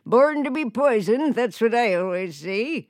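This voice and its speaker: A woman's voice: fairly high pitch, lively intonation, unhurried, darkish tone, no echo, clean studio sound. An actress playing a crude, lonely woman poison-maker who talks in a brash, bawdy, chummy way.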